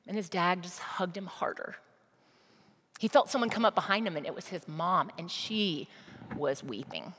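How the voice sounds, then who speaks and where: A woman's voice: lowish voice, moderate pace, a bit bright, husky. Woman preaching with long hall reverb. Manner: storytelling, emphatic, direct address. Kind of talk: sermon.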